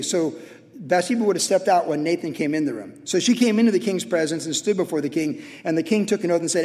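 A man in his sixties preaching a sermon in a conversational way, acting out quotes with sudden shouts. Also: sits high, animated, quick pace, long reverb tail. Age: 60s. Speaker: pastor.

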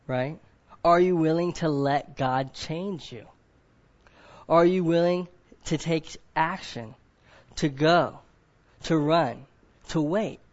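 A man's voice: on the high side, lo-fi sound. A man preaching a sermon to a group of men. He keeps asking them questions, often adds "right?", and acts out other people in quoted voices.

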